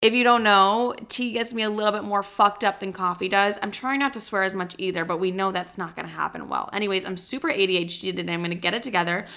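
A young woman hosting her own podcast, talking casually to listeners in a rambling, chatty way, swearing often and stumbling over her words while highly caffeinated. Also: quick pace, vocal fry, hardly any pauses, pushed and bright. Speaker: podcast host. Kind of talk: casual solo podcast chat.

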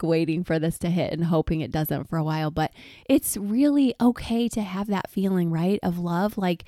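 A woman in her forties, chatty and laughing often, telling personal stories in a relaxed podcast monologue. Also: mid-range voice, dry recording, clean studio sound. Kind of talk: casual personal storytelling.

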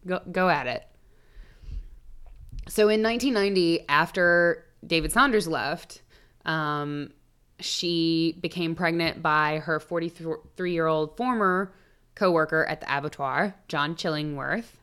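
Low smooth-voiced woman telling a crime story. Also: measured pace, fairly bright tone. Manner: chatty, swearing, storytelling with asides. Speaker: podcast co-host. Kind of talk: casual true-crime chat.

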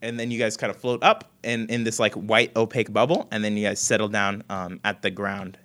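A man's voice: fairly low pitch, level tone, brisk, a bit bright. A man narrating as game master, hesitant and full of fillers.

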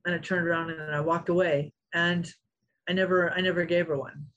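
A woman's voice: fairly low pitch, brisk, lo-fi sound. A middle-aged woman, a former fighter, telling stories in an interview, acting out quotes and laughing often. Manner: animated storyteller, acts out quotes, laughs often. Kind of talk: storytelling interview.

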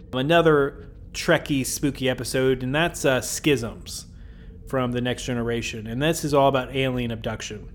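A young man talks through an episode recap in a loose, chatty way, laughing often and dropping into quick silly voices for the characters. His voice sits at an ordinary pitch for a man, and a faint hiss of noise sits under the recording. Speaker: podcast host.

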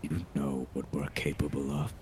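A man voicing sinister disembodied voices that whisper taunts, low and hushed. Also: flat delivery, moderate pace, slight background noise. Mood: taunting.

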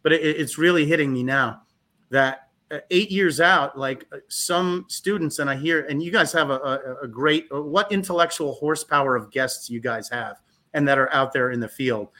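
A man in his fifties, a guest on an interview, telling stories in an animated way with frequent restarts and repeated words. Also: a little high, moderate pace. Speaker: guest, physical therapist. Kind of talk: casual interview storytelling.

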